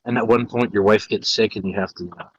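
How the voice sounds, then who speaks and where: A man's voice: fairly low pitch, steady tone, fast talker, slightly rough, no echo, muffled recording. A young man co-hosting a podcast who rambles casually about a video game, with many restarts. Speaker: podcast co-host. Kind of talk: casual chat.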